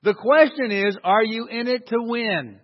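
A man's voice: extremely high pitch, measured pace. A man preaching a sermon to a congregation, emphatic and calling for responses. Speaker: pastor. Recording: dull sound in a long-reverb hall.

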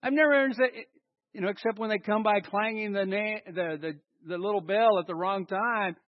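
A male pastor delivering a sermon, swinging between loud emphasis and quiet asides, and leading the congregation in call and response. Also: high-pitched, moderate pace, no room sound, muffled recording. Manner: dynamic preaching with big swings in loudness and emphasis. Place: church hall with a congregation.

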